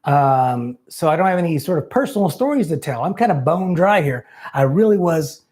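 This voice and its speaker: A man's voice: a little high, lively intonation, normal speed, a little mellow. Rambling self-mocking male call-in host. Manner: rambling, self-deprecating, loose and profane. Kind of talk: live call-in show chat.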